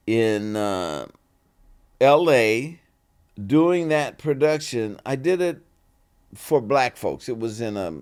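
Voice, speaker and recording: A man, an actor guest in an interview, telling relaxed anecdotes and acting out the voices of the people in them. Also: mid-range voice. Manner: animated, acts out quoted voices in stories; relaxed and conversational, with "you know" fillers.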